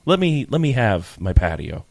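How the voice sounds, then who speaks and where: A man's voice: mid-range voice, sing-song, normal speed, creaky, a little mellow. A man hosting a casual podcast chat, telling rambling stories full of fillers and restarts.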